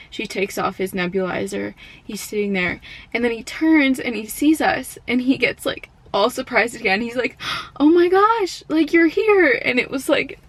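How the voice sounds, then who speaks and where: A young woman talks straight to the camera in a personal vlog. Her voice is soft and often falters, and she is close to tears. She speaks in a mid-range pitch and leans on filler words as she goes. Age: young adult. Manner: soft, tearful, halting with many fillers. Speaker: college student.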